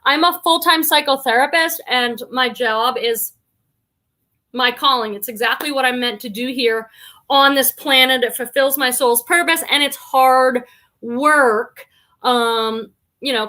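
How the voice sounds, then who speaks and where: On her casual livestream, a middle-aged reseller from around Boston speaks in a high-pitched, sharp voice with a slight Boston accent. She reads viewers' comments aloud and says hello to them by name.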